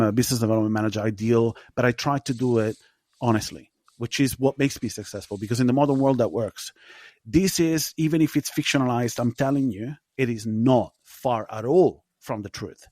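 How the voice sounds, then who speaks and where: A man's voice: mid-range voice, darkish tone, no echo, clean studio sound. A man hosting a film podcast, giving his opinions in an emphatic, casual way and swearing now and then. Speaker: podcast host. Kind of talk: casual film review chat.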